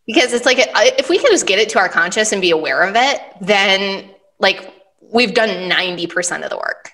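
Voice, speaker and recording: A woman host with a bright, clear voice, chatting easily in a relaxed podcast conversation. She fills her talk with fillers and slips into quoting her own thoughts as she tells a story. Her pitch sits in the middle range. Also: brisk. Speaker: host, money and business mentor. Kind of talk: casual podcast chat.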